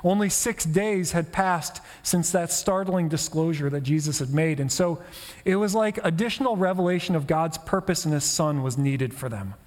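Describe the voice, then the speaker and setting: A man preaching a sermon in a relaxed, conversational way, often turning to the listeners with rhetorical questions. His voice sits a little higher than most men's, and a long reverb trails each phrase, as in a large hall. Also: normal speed. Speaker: pastor.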